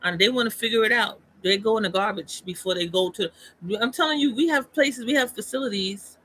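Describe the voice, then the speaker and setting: A man's voice: sits high, brisk, sharp tone, rough recording. A man talking casually on a livestream, emphatic and rambling, with frequent restarts. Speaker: streamer.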